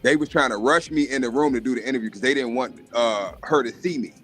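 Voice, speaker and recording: A man's voice: mid-range voice, quick pace, a bit bright, faint music behind. A man hosting a live stream, telling brash, profane stories about job interviews. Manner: brash, swaggering, profane, acts out other voices. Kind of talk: profane casual storytelling rant.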